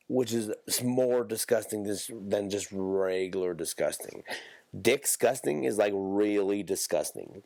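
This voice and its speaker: Gravelly, slow-talking podcast host. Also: male voice, lowish voice, darkish tone, no echo. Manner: loose, profane and rambling, with joking asides. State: coughing, with a stuffy nose. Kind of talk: casual solo podcast chat.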